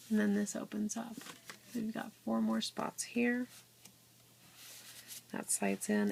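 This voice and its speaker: A woman giving a casual, unhurried walkthrough of a handmade scrapbook album, with many fillers and restarts, filmed on a phone at home. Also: mid-range voice, little pitch movement, creaky. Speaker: crafter showing her scrapbook album. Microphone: handheld phone camera. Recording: faint room noise, phone capture.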